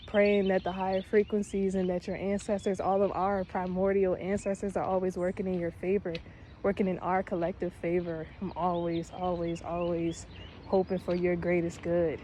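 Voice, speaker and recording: A woman speaks in a mellow, warm voice, delivering an earnest spiritual pep talk full of slang and casual swearing. Faint outdoor ambience with birds sits softly behind her. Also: on the low side, a little hiss or hum. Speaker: spiritual vlogger.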